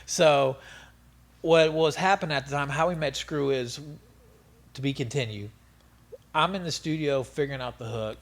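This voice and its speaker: A middle-aged man telling stories as an interview guest, animated and profane, laughing often. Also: fairly high pitch, normal speed, long pauses. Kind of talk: casual storytelling interview.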